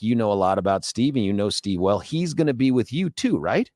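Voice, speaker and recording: A middle-aged man hosting a radio talk show in a studio, bantering casually, joking and laughing often while telling animated stories. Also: mid-range voice, brisk, few pauses, dry recording. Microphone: studio microphone.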